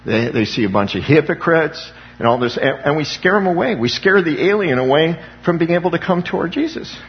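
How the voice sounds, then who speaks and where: A man's voice: fairly high pitch, animated, a little fast, muffled recording. A man preaching an impassioned sermon as a pastor, calling on the congregation for amens.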